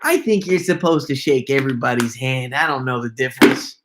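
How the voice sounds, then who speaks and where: A man's voice: mid-range voice, a little fast, heavy background noise. A man casually answering fan questions on a live stream, rambling and self-deprecating, with frequent stammers and laughs.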